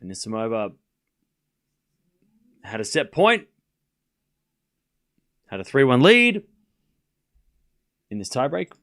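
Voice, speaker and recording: A man with a non-native English accent hosts a live tennis watchalong stream, mixing play-by-play scoring commentary with replies to chat. His medium-pitched voice is slow with frequent pauses, calling points in short bursts and rising excitedly on big points.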